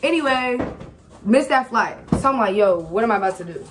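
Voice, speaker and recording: A woman telling a story in a casual, animated vlog chat at home. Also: a little high, a little fast, background noise. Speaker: vlogger. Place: home kitchen.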